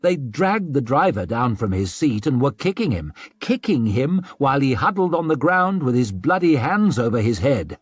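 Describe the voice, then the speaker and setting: A male audiobook narrator with a slightly husky voice and a lively, rolling delivery. He reads with strong expression. The sound is dry and close to the mic. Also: medium pitch, moderate pace, hardly any pauses, no room sound. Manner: expressive narration with scornful character asides. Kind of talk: scripted narration.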